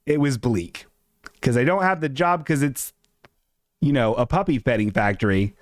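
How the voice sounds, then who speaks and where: A man hosting a live stream from his apartment, ranting in a casual, self-mocking way and jumping into squeaky voices for quotes. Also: animated, normal speed, no room sound. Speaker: streamer host.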